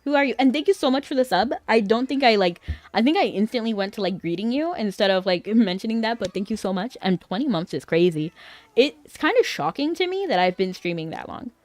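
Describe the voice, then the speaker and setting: A woman's voice: mid-range voice, expressive, fairly quick, a little mellow, dry recording. A woman streaming a game, chatting casually with her viewers in a rambling, filler-heavy way and laughing easily.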